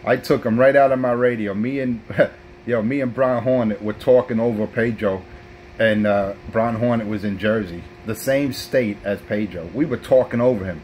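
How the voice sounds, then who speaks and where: A man's voice: fairly low pitch, moderate pace, a little mellow, a little hiss or hum, low-quality recording. A man, trash-talking rivals as a brash, profane CB radio operator. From South Bronx, New York.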